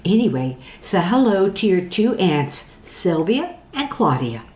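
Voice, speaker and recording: A woman's voice: on the low side, sing-song, a little slow. A woman voicing a chatty, doting middle-aged mother in a story reading. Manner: gushing, then hushed and confiding. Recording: roomy echo.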